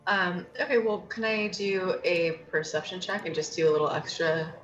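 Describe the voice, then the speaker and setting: A woman's voice: lowish voice, normal speed, fairly bright tone. Chatty woman player in a roomy echo. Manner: hesitant, lots of ums and restarts, chatty. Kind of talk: casual tabletop play. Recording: roomy, slightly dull sound with faint music.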